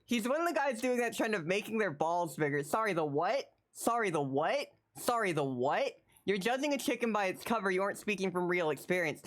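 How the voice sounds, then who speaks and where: Brisk and barely pausing, a medium-pitched American streamer chats with viewers from a home setup. The talk rambles with stammers and repeated phrases, getting animated and laughing when ribbing chat.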